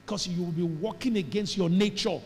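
A Nigerian man preaching a sermon as pastor, calling for responses from the congregation and at times shouting for emphasis. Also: high voice, fairly quick, in a large hall. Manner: preaching with call and response, rising to shouts, mimicking Pidgin speech. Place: church hall with congregation.

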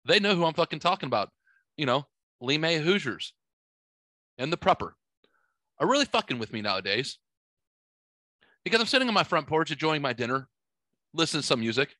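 Bright-voiced profane podcast host man. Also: fairly high pitch, sing-song, fairly quick, pauses often, no room sound. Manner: profane, rambling storyteller. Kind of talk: casual podcast chat. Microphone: studio microphone.

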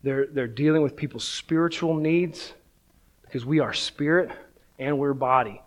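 A man's voice: on the high side, moderate pace. A man in his thirties, a pastor, preaching a sermon in a casual, self-deprecating storytelling way, often checking in with "right?".

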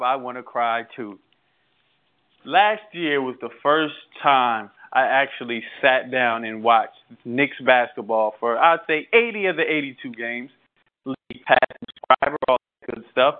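A man co-hosting a sports podcast, talking casually and getting animated as he rants. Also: mid-range voice. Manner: animated, laughs between points. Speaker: podcast co-host. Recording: tinny phone-like sound.

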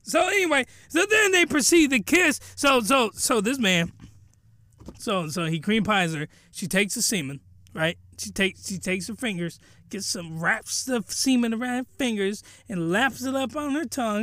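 A man hosting a podcast, giving a comedic recap of a cartoon episode in animated slang and breaking into excited shouts. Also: high voice, moderate pace, no echo, studio quality. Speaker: podcast host.

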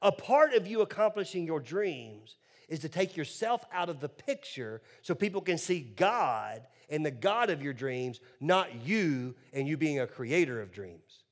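High-voiced joking pastor preaching. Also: male voice, sing-song, measured pace. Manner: humorous, conversational preaching with asides. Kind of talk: sermon.

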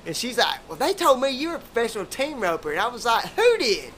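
A man's voice: very high-pitched, big pitch swings, fast talker, a bit bright, slight background noise. A man, hosting a podcast and telling rambling, profane stories in casual chat. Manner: profane, rambling, laid-back drawl.

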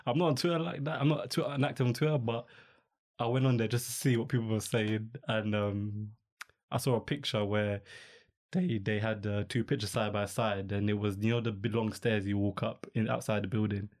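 A man's voice: on the low side, steady tone, brisk, a little mellow. A young man hosting a podcast, chatting casually in a rambling, slang-filled way. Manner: rambling, laid-back, peppered with slang and fillers. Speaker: podcast host. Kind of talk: casual chat.

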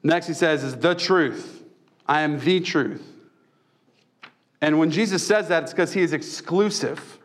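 A man's voice: fairly high pitch, normal speed, hardly any pauses, a little hiss or hum. Joking man preaching a sermon. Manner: conversational, self-deprecating humor. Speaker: pastor.

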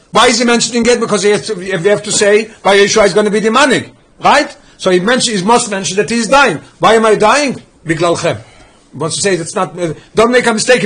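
A man teaches a study class at a rapid clip, rattling through passages of text and stopping to explain them. His voice sits high for a man and has a husky, slightly rough edge. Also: fairly bright tone. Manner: rapid reading of Hebrew text, explaining in English. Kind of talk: teaching a text study class, mixing English and Hebrew reading.

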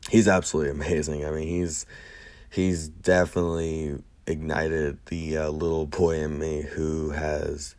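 A man's voice: very deep voice, little pitch movement, measured pace, a little mellow. A young man in a casual monologue, rambling with many fillers and restarts, earnest and emotional.

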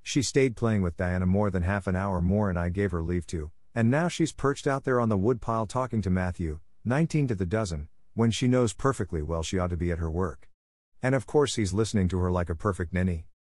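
Man putting on a strict older lady, tart and scolding, brisk. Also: lowish voice, darkish tone, dry recording, studio quality. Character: stern, sharp-tongued older spinster woman.

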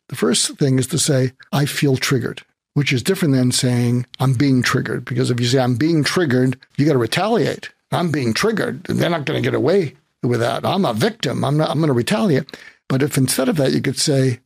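Older male psychiatrist guest, gravelly husky voice, dry close sound, lively storyteller. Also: mid-range voice, no echo. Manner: animated anecdote teller, acts out his own lines. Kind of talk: storytelling in interview.

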